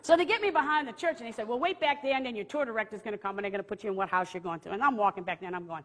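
A woman telling a personal story with animated delivery, laughing often and jumping into high excited outbursts. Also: rapid-fire, hardly any pauses, long reverb tail. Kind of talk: testimony storytelling.

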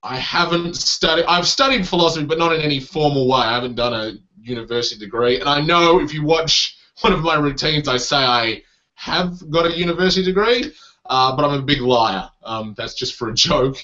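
A man's voice: fairly high pitch, a little fast, pushed and bright, highs cut off. A man with an Australian accent, a comedian chatting casually in an interview, self-deprecating and acting out crowd reactions. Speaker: comedian guest.

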